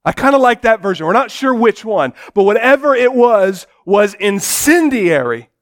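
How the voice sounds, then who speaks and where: A man preaching a dramatic sermon in church, swinging between loud declarations and hushed, low passages. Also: big pitch swings, moderate pace. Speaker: pastor.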